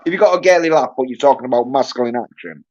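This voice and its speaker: A livestream host rants crudely and rambles, swearing throughout, in a racing, mid-range male voice with a darkish tone. The audio is dull and lo-fi.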